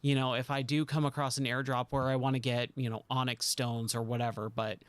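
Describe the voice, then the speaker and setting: A man's voice: mid-range voice, little pitch movement, brisk, smooth, dry recording. A man streaming a driving game live, talking through his moves with a self-mocking, exasperated commentary and pleading with the game.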